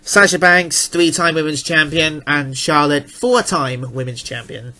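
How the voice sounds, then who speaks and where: A man with a slightly raised pitch talks in a relaxed, jokey way, tossing out quick opinions. He keeps the casual chat rolling with easy banter. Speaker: co-host of a wrestling awards chat.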